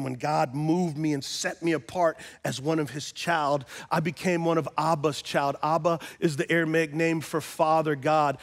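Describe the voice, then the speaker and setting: Impassioned high-voiced male pastor preaching. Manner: builds from calm storytelling to loud, impassioned crying out. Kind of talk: sermon.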